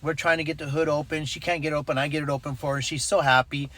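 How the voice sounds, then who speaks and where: A man's voice: fairly high pitch, flat delivery, quick pace, a bit bright. A man telling a personal story in a casual vlog, acting out the voices in it and adding preachy asides. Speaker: ministry network leader.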